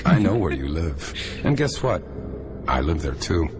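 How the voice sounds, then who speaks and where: A man voicing a sinister personified condition in a dramatic TV ad voice-over, slow and ominous. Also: low-pitched, big pitch swings, noisy background. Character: sinister personified condition, male, menacing narrator.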